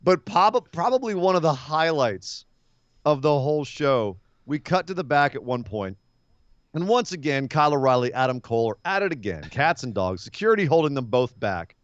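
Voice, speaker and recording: A man co-hosting a casual wrestling podcast, telling stories in an animated way and acting out quotes. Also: medium pitch, normal speed, dry recording, dull audio. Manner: animated storyteller, acts out quotes. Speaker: podcast co-host. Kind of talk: casual wrestling recap chat.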